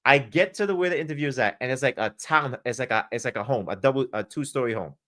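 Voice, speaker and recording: A man's voice: medium pitch, fast, fairly bright tone. Profane rambling New man. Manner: profane, rambling, many fillers. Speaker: podcast guest. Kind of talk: casual storytelling.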